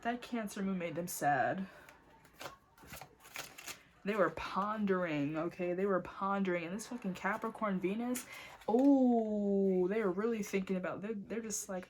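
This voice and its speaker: A young woman doing a casual tarot reading at home, talking in a lively, loose way with frequent swearing and exclamations. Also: mid-range voice, moderate pace, a little hiss or hum. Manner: animated, swearing, breaks into laughs and snatches of singing. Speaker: tarot reader.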